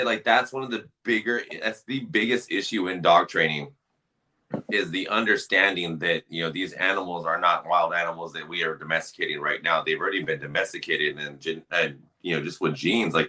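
A man on a casual podcast chat, laid-back and quick to agree and laugh. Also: sits low, fairly even intonation, sharp tone.

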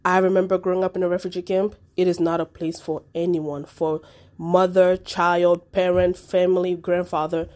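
A woman's voice: fairly low pitch, little pitch movement, moderate pace, darkish tone. A woman from Africa hosting a solo commentary podcast, talking with passion and repeating words for emphasis. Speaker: podcast host.

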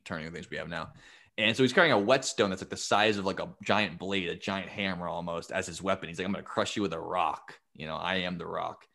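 A man's voice: sits low, fairly bright tone. A man hosting a podcast, retelling myths in a jokey, rambling casual way. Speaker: podcast host. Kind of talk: casual storytelling.

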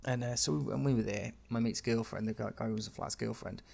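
A man's voice: medium pitch, quick pace, gravelly, a little mellow, breathy edge. A man co-hosting a comedy podcast, who rambles through stories with lots of fillers and swearing. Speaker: podcast co-host. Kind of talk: casual comedy chat.

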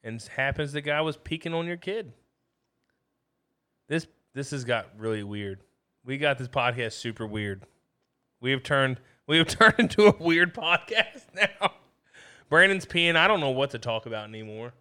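A man's voice: mid-range voice, moderate pace, sharp tone. A man co-hosting a podcast in casual chat, rambling through wild hypotheticals with lots of swearing. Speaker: podcast co-host.

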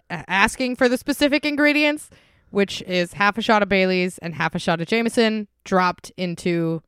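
A woman with a stuffy, congested voice hosts a relaxed true-crime podcast, reading her notes and tripping over names now and then. Her tone stays smooth and clean despite the cold, recorded close and dry with no room sound. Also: fairly low pitch, no room sound. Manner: laughs often, stumbles over place names. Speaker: podcast co-host.

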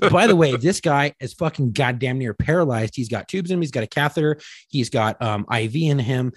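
A podcast co-host tells a long story in casual chat, swearing constantly and animatedly acting out what people said. His mid-range voice moves a little fast with a breathy edge, and there's no room sound.

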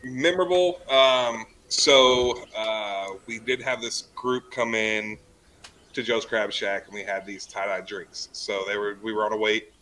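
A man's voice: fairly low pitch, fairly even intonation, a little slow, bright, forceful tone, slight background noise, poor audio. A man, a podcast guest, telling rambling stories about bartending in a casual chat. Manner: rambling, laughing storyteller full of "like" and "you know".

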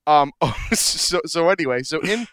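A man's voice: fairly high pitch, lively intonation, moderate pace, fairly bright tone. A middle-aged man co-hosting a podcast in casual chat, cracking dad jokes and laughing at them. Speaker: podcast co-host.

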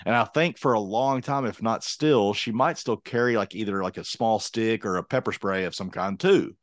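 A man with a Southern accent chatting casually as a podcast co-host, telling animated stories full of restarts. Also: fairly low pitch, normal speed, no echo. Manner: animated storyteller who acts out voices and rambles with restarts. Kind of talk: casual chat.

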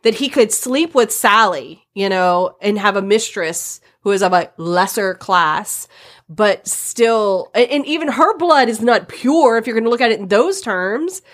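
A woman's voice: medium pitch, lively intonation, a little slow. A woman in casual chat about a book, retelling the plot with indignant emphasis and quoted voices. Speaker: book discussion co-host.

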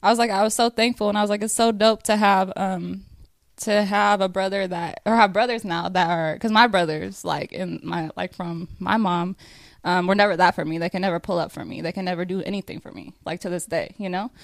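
A woman's voice: medium pitch, steady tone, brisk, creaky, no room sound. Tearful woman thanking family, dry sound. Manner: tearful, laughing through emotion, many fillers. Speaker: family member giving a thank-you speech. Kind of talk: emotional casual speech.

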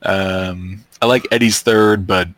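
Low-voiced laid-back man, dry sound. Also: fairly even intonation, slow pace, a bit bright, no echo. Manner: laid-back, hesitant, many ums. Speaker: podcast co-host. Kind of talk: casual sports chat.

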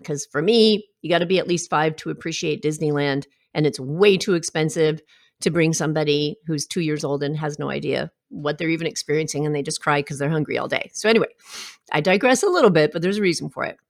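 A woman's voice: sits low, a little fast. A middle-aged woman giving a heartfelt, reflective personal talk and telling stories with asides. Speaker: self-help speaker.

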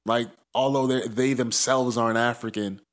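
A man's voice: medium pitch, steady tone, normal speed. A man talking in a casual podcast chat, rambling and profane, often laughing mid-sentence.

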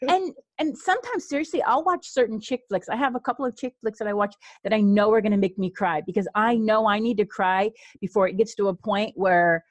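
A chatty woman speaks as a guest coach in a relaxed podcast conversation. Her voice sits at a middle pitch and sounds dry and close to the mic. She talks in a lively way and laughs easily. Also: a little fast, hardly any pauses, dry recording. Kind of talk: casual podcast interview.

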